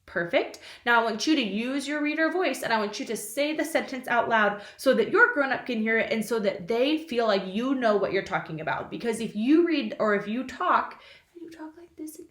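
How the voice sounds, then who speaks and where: Young woman, kindergarten teacher, remote lesson, slow exaggerated sentence reading, playful, echoey room. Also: on the high side, lively intonation, a bit bright.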